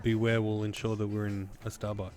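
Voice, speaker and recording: A man's voice: fairly low pitch, flat delivery, fairly quick, a little mellow. A man bantering casually on a cooking stream. He drops in dry, teasing quips.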